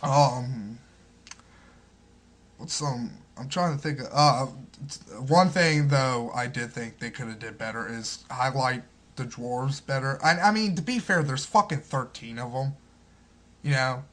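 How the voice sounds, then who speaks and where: A man's voice: mid-range voice, measured pace, a bit bright. A man casually reviewing a movie in a rambling, profane way, full of fillers and restarts.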